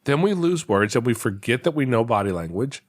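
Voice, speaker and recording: A man's voice: medium pitch, very animated, fairly quick, no echo, clean studio sound. A man hosting an interview from his office, talking in a reflective, storytelling way and repeating words as he thinks. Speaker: podcast host. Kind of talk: conversational interview. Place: home office.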